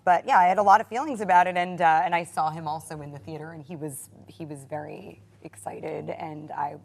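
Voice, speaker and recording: An actress on a cast panel, talking thoughtfully and haltingly with many fillers. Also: female voice, low voice, fairly even intonation, vocal fry. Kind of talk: reflective casual talk.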